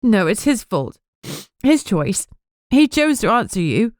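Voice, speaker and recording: A woman's voice: very animated, unhurried, no echo, clean studio sound. Woman doing a proud, strained young woman. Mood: firm. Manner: strained, high, emotional delivery. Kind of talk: audiobook character voice.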